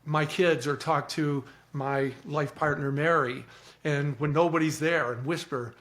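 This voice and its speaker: A man with a fairly high voice gives an earnest, animated account as a podcast guest. He often repeats words as he starts a thought. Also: measured pace. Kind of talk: reflective storytelling.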